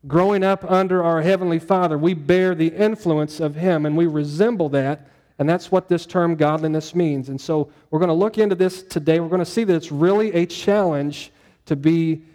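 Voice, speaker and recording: A man's voice: fairly high pitch, mellow. Folksy man preaching a sermon. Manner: conversational, folksy, asks the room questions. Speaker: pastor.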